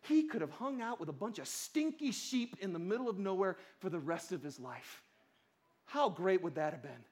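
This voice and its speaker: A man preaching a casual, conversational sermon, chatty and lively with playful asides. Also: high voice, normal speed. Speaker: pastor.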